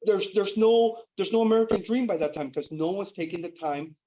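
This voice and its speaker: A man running a credit repair company, speaking earnestly in a casual interview and rising and quickening when he stresses a point. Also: warm tone, poor audio. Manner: earnest, rises in pitch and speeds up when emphatic.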